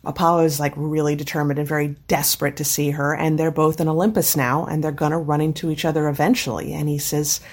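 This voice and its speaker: Husky-voiced woman retelling scenes. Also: deep voice, flat delivery, fast, hardly any pauses. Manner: enthusiastic, retells scenes acting out quotes. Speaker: podcast co-host. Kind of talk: casual chat recapping a webcomic.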